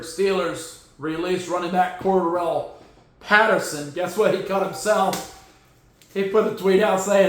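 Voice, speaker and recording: A man with a high voice talks football news in a loose, sarcastic way, jumping from loud jabs to muttered asides. His voice rings around a very echoey room. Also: a little slow. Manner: sarcastic, joking, swings between loud outbursts and low mutters. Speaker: podcast host. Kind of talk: casual sports commentary.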